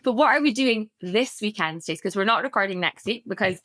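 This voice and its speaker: Animated woman telling stories. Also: mid-range voice, a little fast, background noise. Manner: animated storyteller, laughs often. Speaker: podcast co-host. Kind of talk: casual storytelling chat.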